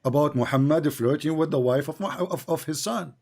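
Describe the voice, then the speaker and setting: Man, hoarse, high voice, insistent, repeats questions, heated debate. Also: a little fast, a little mellow. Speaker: debate host.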